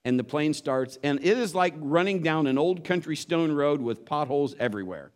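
A man's voice: fairly high pitch, expressive, moderate pace, a little mellow. A man preaching a sermon, telling a story and acting out the voices of the people in it. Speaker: pastor.

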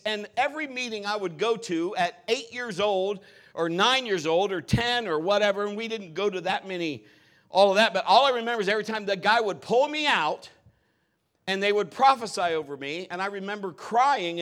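A middle-aged man preaching to his congregation, swapping sermon points for funny personal stories. His voice sits high and rings bright and forceful. He talks like an animated storyteller who likes to joke. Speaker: pastor.

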